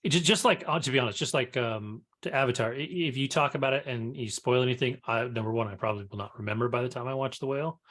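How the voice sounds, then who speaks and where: Male co-host, 40s, mid-pitched; jokey and self-mocking. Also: fast, few pauses, fairly bright tone. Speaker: podcast co-host. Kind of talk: casual chat.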